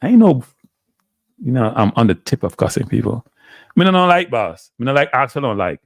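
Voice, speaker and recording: A man's voice: mid-range voice, big pitch swings, a little fast, vocal fry, no room sound. A man with a Jamaican accent hosting a live stream, talking casually to his chat in a rambling, exasperated way and slipping into patois. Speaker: live show host.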